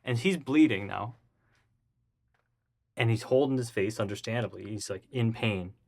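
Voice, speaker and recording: A man's voice: moderate pace, vocal fry. A man guest in an interview, telling a story casually and acting out the voices of the people in it. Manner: animated, acts out the voices of people in his story; jumps high and loud when excited.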